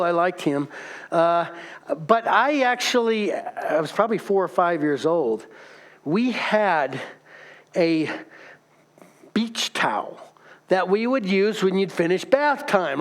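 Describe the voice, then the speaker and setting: A middle-aged pastor with a notably high voice gives a relaxed, chatty sermon. He jokes and calls out to the congregation as he talks. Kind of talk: casual sermon.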